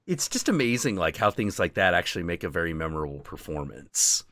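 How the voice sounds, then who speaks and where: A man's voice: sits low, brisk. A man hosting a live stream, chatting casually and candidly, swearing freely as he tells stories. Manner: candid, swearing, animated storyteller. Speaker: stream host.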